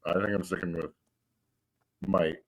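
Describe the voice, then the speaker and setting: A man playing a tabletop game, describing his hero's actions in a rambling, animated way. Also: sits low, a little slow, poor audio. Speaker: player. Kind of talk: casual tabletop game play.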